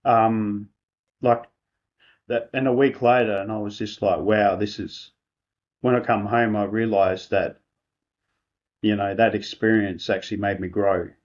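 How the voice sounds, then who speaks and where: A softly spoken man with an Australian accent, a guest on a podcast, talking hesitantly with many pauses and restarts. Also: lowish voice, steady tone, dull audio. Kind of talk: casual interview chat.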